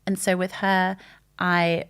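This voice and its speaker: A woman's voice: on the low side, slow pace, clear, resonant tone. A woman in her thirties talking candidly and openly in a casual chat, telling stories with animation. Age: 30s. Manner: open, candid and animated storytelling. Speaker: guest.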